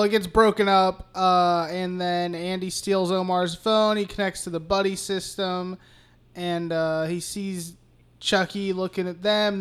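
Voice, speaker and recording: A man's voice: high voice, fairly bright tone, clear, resonant tone. A man co-hosting a podcast, retelling a horror movie plot in a rambling, profane, casual way. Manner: rambling, profane, laughing recap. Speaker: podcast co-host. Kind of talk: casual movie recap chat.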